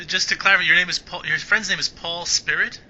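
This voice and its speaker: A man hosting an interview, asking halting questions with restarts. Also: sits high, steady tone, crowd noise. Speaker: interviewer host. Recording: dull lo-fi line with faint noise.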